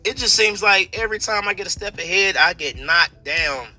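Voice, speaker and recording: A man's voice: high voice, animated, moderate pace, pushed and bright, faint music behind. A man venting angrily and cynically, with plenty of swearing. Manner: angry, profane, cynical. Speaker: vlogger. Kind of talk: venting monologue.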